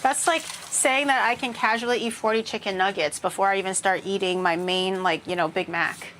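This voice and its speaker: A woman's voice: medium pitch, brisk, fairly bright tone, slight background noise. A woman chatting casually with viewers while she cooks on a live stream, swearing now and then. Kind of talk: casual chat while cooking. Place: home kitchen.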